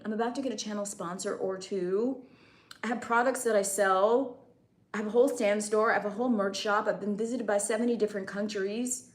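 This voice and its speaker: A woman hosting a casual live stream, chatting and teasing her viewers. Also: fairly high pitch. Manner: teasing, chatty, drops into a soft breathy near-whisper. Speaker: livestream host. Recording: echoey room.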